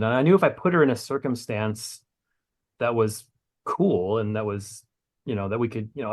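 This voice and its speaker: A man being interviewed on a podcast, rambling and self-mocking, swearing casually and restarting his sentences often. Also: on the low side. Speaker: comic book writer guest.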